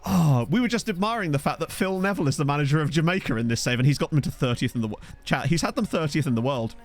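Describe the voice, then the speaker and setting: A man's voice: fairly high pitch, animated, rapid-fire, faint music behind. A man casually commentating a football management game on stream, chatting with viewers and laughing often. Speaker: gaming streamer. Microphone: USB desk microphone.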